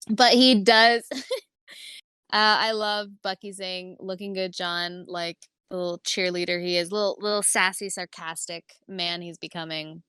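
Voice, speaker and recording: A woman's voice: mid-range voice, bright, forceful tone, smooth, no echo, studio quality. A woman co-hosting a podcast, chatting casually and enthusiastically about a TV episode, laughing often and rambling with fillers. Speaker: podcast co-host. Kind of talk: casual TV recap chat.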